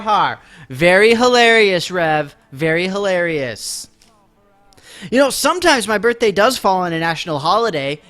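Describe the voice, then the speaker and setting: Chatty young man streaming a game, bright voice. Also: on the high side. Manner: chatty, self-mocking, talks to chat while playing. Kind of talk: casual live-stream chat. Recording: game music playing faintly behind.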